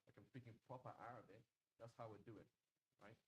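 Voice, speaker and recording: A man's voice: medium pitch, fairly even intonation, fast, a little hiss or hum, poor audio. A British man teaching a Quranic Arabic class in a conversational way, often checking in with "right?". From Britain.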